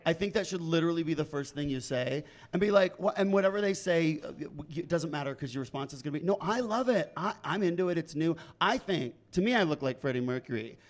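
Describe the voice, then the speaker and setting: A man judging a comedian's set, giving playful, teasing notes with quick asides. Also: fairly high pitch. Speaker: comedy judge. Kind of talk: lively critique of a comedian.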